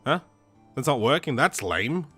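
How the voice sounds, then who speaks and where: A man's voice: medium pitch, sing-song, unhurried, pushed and bright, slightly rough, soft background music, heavily acted. A man voicing a cheerful, teasing teenage girl in a game, the playful younger sister. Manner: bouncy, teasing.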